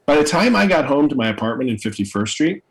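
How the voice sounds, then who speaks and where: Animated man telling acting stories. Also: mid-range voice, fast talker, rough recording. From New York City. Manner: animated storyteller, acts out quoted voices. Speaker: actor and guest. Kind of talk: storytelling in conversation.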